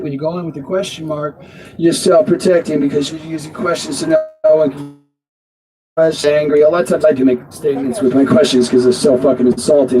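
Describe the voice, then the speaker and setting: A man's voice: fairly high pitch, low-quality recording. Swaggering man talking over street crowd. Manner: blunt, profane, swaggering. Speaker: dating coach. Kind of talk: casual instructional talk to camera.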